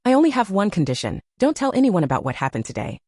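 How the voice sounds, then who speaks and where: A woman's voice: medium pitch, quick pace, no echo, studio quality. A woman voicing an aloof, businesslike young man who runs a company, in an audio novel. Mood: cool. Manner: calm, businesslike. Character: aloof stern young male company president.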